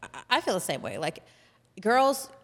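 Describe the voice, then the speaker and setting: A woman's voice: on the high side, big pitch swings, normal speed, a bit bright. A woman hosting a podcast in casual conversation, chatty and full of "like" fillers. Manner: chatty, filler-heavy with frequent "like". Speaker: podcast host. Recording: long hall reverb.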